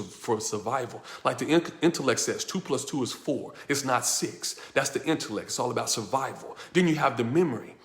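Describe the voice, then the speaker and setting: Emphatic man teaching in an echoey room. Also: mid-range voice. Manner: emphatic, with repeated rhetorical questions. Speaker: personal development coach. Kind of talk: motivational teaching talk.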